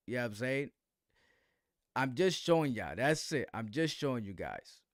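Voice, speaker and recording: A man's voice: medium pitch, sing-song, normal speed, dry recording, clean studio sound. A man hosting a live boxing commentary stream, talking in slang with a defensive tone and asking "right?" again and again.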